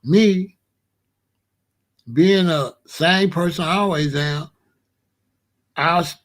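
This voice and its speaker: Animated man telling a comic story. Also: on the high side, slow pace. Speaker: show host.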